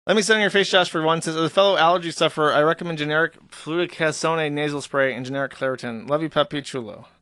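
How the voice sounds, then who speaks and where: A man's voice: fairly high pitch, fast, few pauses, pushed and bright, clean tone, dry recording. Offhand male streamer, dry close sound. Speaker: streamer reading donations. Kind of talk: casual reading of paid messages with crude remarks.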